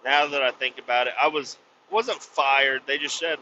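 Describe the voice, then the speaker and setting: A man hosting a podcast, ranting bluntly with lots of swearing and sudden loud outbursts. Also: medium pitch, normal speed, noisy background. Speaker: podcast host. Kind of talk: profane comic rant. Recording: slightly dull lo-fi recording.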